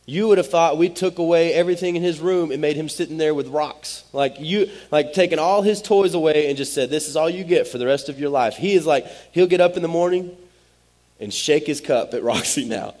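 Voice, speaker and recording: A man's voice: fairly high pitch, fairly quick, darkish tone. A man, preaching a sermon as pastor in a direct, conversational way. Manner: direct, conversational, Southern-tinged "y'all" asides.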